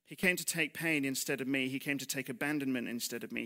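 A mid-range, sharp-toned male voice moves at a quick pace through a church sermon. The preacher speaks conversationally, uses rhetorical questions and self-mocking asides, and drops almost to a whisper on heavy lines.

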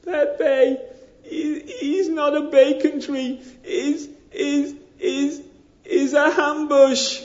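A man voicing a desperate, starving man lost in the desert, squeaking in falsetto with broken comic grammar. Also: steady tone, extremely slow, a little mellow, echoey room, muffled recording, slight background noise, full character voice. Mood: dying gasps.

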